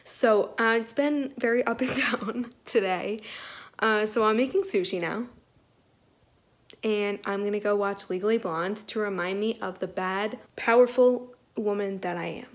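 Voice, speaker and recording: A woman's voice: medium pitch, unhurried, no echo. A young woman talking frankly and with exasperated self-mockery in a casual daily vlog, filmed on her phone while out and about. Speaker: vlogger. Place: outdoors and on the go.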